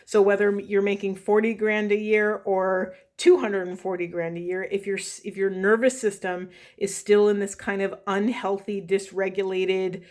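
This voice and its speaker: Woman tarot reader, earnest and rambling, voice going hoarse, medium pitch, slows to repeat key phrases. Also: level tone, a little mellow. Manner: earnest, rambling, apologetic self-corrections; slow emphatic repetition of key phrases. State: losing her voice. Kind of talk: spiritual tarot reading monologue.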